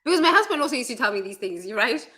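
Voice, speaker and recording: Bright-voiced woman, laughing. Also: on the high side, rapid-fire. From South Africa. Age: adult. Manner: frank and lively, laughs often, swears casually. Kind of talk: candid storytelling chat.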